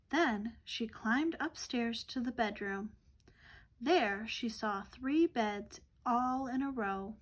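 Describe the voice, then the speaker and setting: Woman storyteller for kids, slow, higher-pitched, gentle picture-book reading. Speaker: children's storyteller.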